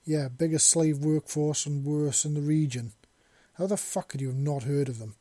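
A man voicing a panicky, battle-worn wasteland drifter who yells and stammers through a helmet modulator. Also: on the high side, normal speed, dry recording, pitched above the performer's own voice. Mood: urgent. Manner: frantic yelling, stammering.

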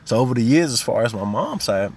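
There's slight background noise as a fast-talking man with a medium-pitched, sing-song, darkish voice hosts his podcast. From Little Rock, Arkansas, he has a Southern accent and tells casual personal stories loaded with slang and "you know what I mean."

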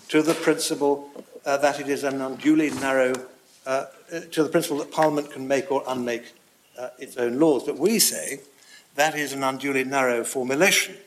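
Male barrister, mid pitch, formal and halting, faint background hiss. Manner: formal, halting with many uh's. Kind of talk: courtroom argument.

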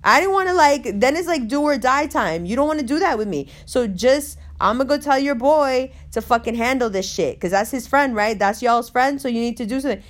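A woman tells a story in loose, casual chat. She swears constantly and keeps the telling animated as she goes. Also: high voice, fairly quick, hardly any pauses.

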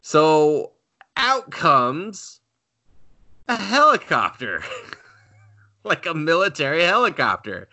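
Male podcast co-host, bright voice, lively swooping delivery, rambling casual chat with frequent laughs. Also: on the high side, slow, pauses often. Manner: rambling, laughing often, acting out voices in retellings.

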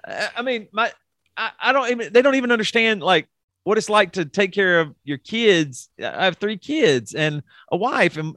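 A man's voice: high-pitched, a bit bright, no echo. Frank rambling man on a dry podcast mic. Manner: rambling, frank, swears, restarts often. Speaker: podcast co-host. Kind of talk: candid podcast chat.

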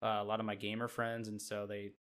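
A man's voice: on the low side, monotone, brisk, a bit bright. A man co-hosting a sports podcast, talking casually and rambling with lots of "like" fillers, from the Midwest. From Midwest United States. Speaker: podcast co-host.

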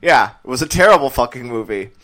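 A man's voice: mid-range voice, animated, fast, fairly bright tone. A man co-hosting a comedy podcast, bantering casually with dry, irreverent jokes.

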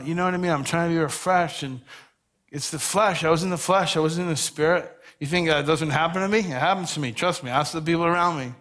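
A man's voice: a little high, fast talker, fairly bright tone. A man preaching a sermon as pastor, earnest and conversational, telling stories on himself with a self-deprecating touch.

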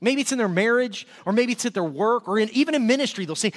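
A man preaching a sermon as pastor, energetic and repeating words when excited. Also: high-pitched, fast talker, long reverb tail. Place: church service.

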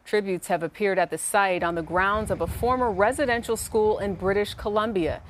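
Woman newsreader, formal, measured news report delivery. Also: medium pitch, a little hiss or hum. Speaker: news reader.

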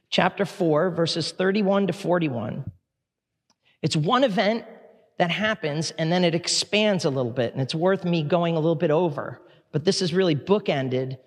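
A man preaching in a church, casual and animated, reading scripture aloud with dramatic emphasis. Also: high-pitched. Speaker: pastor. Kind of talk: sermon. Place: church sanctuary. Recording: echoey hall reverb.

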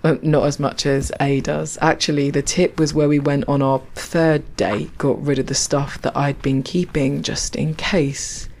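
A woman's voice: low voice, flat delivery, measured pace, hardly any pauses, a little mellow. A woman telling reflective, poetic stories with wry asides while walking outdoors along a canal. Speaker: storyteller. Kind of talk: reflective spoken-word storytelling.

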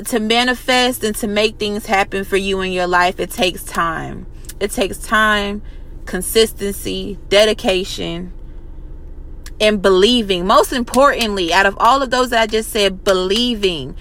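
A woman's voice: medium pitch, fairly bright tone. Profane, pep-talking woman. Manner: blunt, profane, repeats phrases for emphasis. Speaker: motivational vlogger. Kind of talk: casual motivational pep talk.

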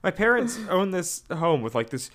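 A man's voice: high voice, moderate pace. A man co-hosting a podcast, chatting casually and rambling as he recaps an episode. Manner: animated, rambling with restarts and quoted asides. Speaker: podcast co-host. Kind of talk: casual chat recapping a radio drama episode.

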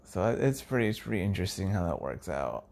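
His low voice is gravelly and darkish, fast and sing-song. As the host of his own podcast, he muses eagerly and casually, rambling, often trailing off and occasionally dropping nearly to a whisper.

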